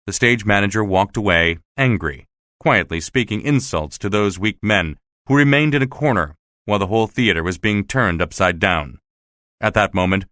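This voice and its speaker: A man narrating a graded-reader classic with clear, measured reading. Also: on the low side, a bit bright, dry recording, studio quality.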